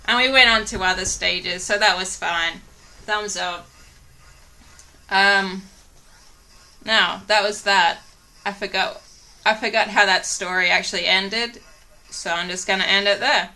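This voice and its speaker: A woman's voice: medium pitch, fairly even intonation, a little slow, long pauses, sharp tone. A woman vlogger telling rambling, giggly stories in casual chat, full of "like". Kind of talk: casual storytelling.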